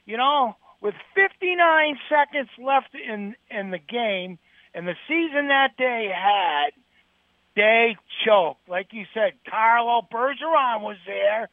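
A man's voice: very high-pitched, expressive, slow pace, no echo. A man from New England calling in to a sports show, rambling in a glum, complaining way. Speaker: caller. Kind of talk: call-in sports talk. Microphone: telephone. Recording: tinny phone line.

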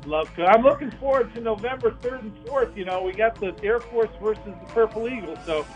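A man calling in as a radio guest, telling a rambling golf anecdote with halting restarts and acting out the people in it. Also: high voice. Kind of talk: phone-in radio interview, anecdotal storytelling. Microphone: phone. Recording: tinny phone line with faint music.

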